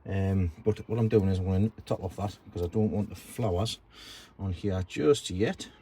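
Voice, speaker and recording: Deep, dark and husky, this man's voice moves at a normal speed as he vlogs from his garden and allotment outdoors. He talks casually about his plants and gardening, chatty and ready to laugh at himself.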